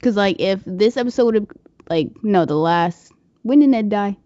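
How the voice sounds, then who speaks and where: A woman co-hosting a podcast in casual chat, thinking out loud and restarting her sentences. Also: medium pitch, expressive, moderate pace, dry recording. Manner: thinks aloud, restarts, hedging opinions. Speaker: podcast co-host. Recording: dry dull podcast audio.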